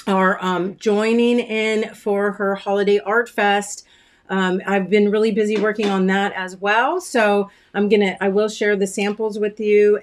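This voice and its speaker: A woman chats casually from her home craft studio, hosting a weekly livestream. She greets viewers by name in a friendly, rambling way with plenty of ums, and keeps clearing a slightly choked-up throat. Her voice sits at an ordinary middle pitch. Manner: chatty, warm greetings by name, frequent ums.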